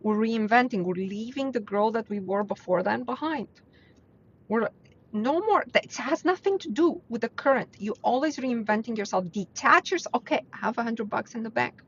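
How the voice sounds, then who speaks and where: With slight background noise behind her, a woman whose voice sits on the high side speaks at a moderate pace while hosting her weekly live mindset stream. She talks to viewers bluntly and earnestly, raising her voice for emphasis, in dull lo-fi livestream sound.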